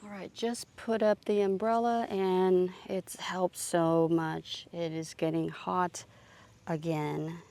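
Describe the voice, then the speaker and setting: Slow, chatty woman touring her garden. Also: lowish voice, level tone, mellow. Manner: slow, chatty, thinking aloud with fillers. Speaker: gardening vlogger. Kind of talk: casual garden tour narration. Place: outdoor garden.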